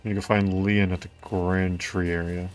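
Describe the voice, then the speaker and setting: Low-voiced man commenting on his gameplay. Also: level tone, moderate pace. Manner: talks to himself, puzzled and self-mocking. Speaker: streamer. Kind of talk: let's-play commentary. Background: faint game music.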